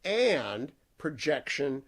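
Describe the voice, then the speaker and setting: A man's voice: a little high, drawn-out words. A man hosting a talk radio show from a studio, talking emphatically and playfully. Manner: energetic, emphatic, playful openings. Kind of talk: talk radio monologue and chat.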